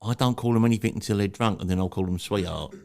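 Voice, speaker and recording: A man's voice: lowish voice, fast, vocal fry, dark tone. A man, a nightclub manager, teasing and ribbing his friend in casual podcast chat, with plenty of swearing.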